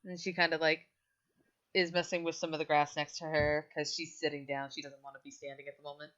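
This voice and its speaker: A woman's voice: sits low, little pitch movement, a little fast, a bit bright. Woman game master on a dull mic. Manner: casual, filler-heavy, hums while thinking. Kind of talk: narrating a tabletop game.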